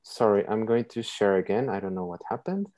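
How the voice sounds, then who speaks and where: A woman's voice: a bass voice, dark tone. A woman teaching an online English class on a video call, patient and checking in with her students often. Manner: slow, patient, checks in with okay.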